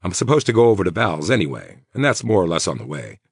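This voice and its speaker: Wry ex-cop guy, read by a man, husky and gravelly, teasing ease. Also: low-pitched, big pitch swings, quick pace, no echo, clean studio sound, full character voice. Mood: joking. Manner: wry, teasing, laid-back. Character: easygoing joking adult man, ex-cop.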